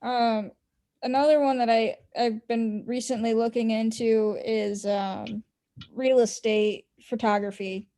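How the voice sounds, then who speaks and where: A woman student answering questions on a video call, hesitant and full of ums and pauses. Her voice is warm and mellow. She sounds modest and unsure of herself. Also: a little high, steady tone. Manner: hesitant, many ums, laughs softly. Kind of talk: casual video-call discussion.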